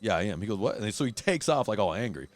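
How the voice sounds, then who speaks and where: A man with a fairly low voice hosts a loose, profane chat, spinning a heated story and acting out every line of dialogue. The sound is close and dry, with no room around it. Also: very animated, fast, no room sound. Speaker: podcast host.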